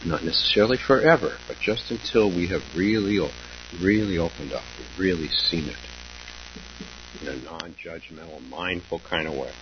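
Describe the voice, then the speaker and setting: A man with a low voice, a Zen teacher, offers a dharma talk. He's slow and thoughtful, hesitating, pausing and laughing softly now and then. The recording is lo-fi and dull, with a faint hum.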